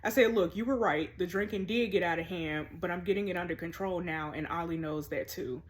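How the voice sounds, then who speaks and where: A sassy woman chatting her way through a story game. She reads the text messages aloud and drops in cheeky asides of her own, in a relaxed, conversational voice. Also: fairly low pitch, a little fast. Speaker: gamer playing a story game. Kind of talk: casual in-character game commentary.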